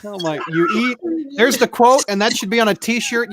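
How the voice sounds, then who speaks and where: A man's voice: sits high, normal speed, crowd noise. A man hosting a casual group video call, reading viewer comments aloud and joking. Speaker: host.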